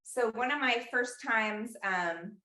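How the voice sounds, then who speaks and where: A woman's voice: fairly high pitch, slow pace, bright, forceful tone. A woman teaching an online cooking class, telling stories and mixing in Spanish words as she cooks. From Los Angeles. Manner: chatty storyteller, mixes in Spanish words. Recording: echoey room.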